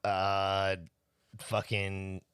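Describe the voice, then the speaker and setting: A man's voice: low voice, monotone, extremely slow, fairly bright tone, smooth, no room sound, clean studio sound. A man co-hosting a podcast in casual banter, laid-back and rambling, swearing constantly. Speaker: podcast co-host.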